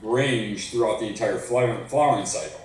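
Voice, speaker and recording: A man's voice: fairly low pitch, fairly quick, a little mellow, a little hiss or hum. A man who makes soil products, explaining technical details in a casual chat. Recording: far from mic in a very echoey room.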